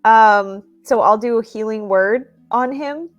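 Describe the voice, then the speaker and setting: A woman's voice: a little high, a little slow, lo-fi sound, soft background music. A woman player in a tabletop game, speaking in character, hesitant with many ums.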